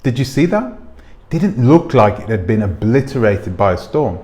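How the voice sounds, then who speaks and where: A man's voice: medium pitch, very animated, moderate pace, dark tone. A man hosting his own commentary channel, talking casually to camera on a clip-on mic, rambling and asking his viewers rhetorical questions. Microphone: clip-on microphone.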